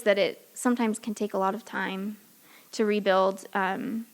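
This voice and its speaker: A woman's voice: medium pitch, little pitch movement, measured pace. A woman from San Diego speaking at a recovery meeting. She talks candidly and loosely, and often laughs at herself. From San Diego, California. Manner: loose and chatty, many fillers. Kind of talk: personal recovery talk.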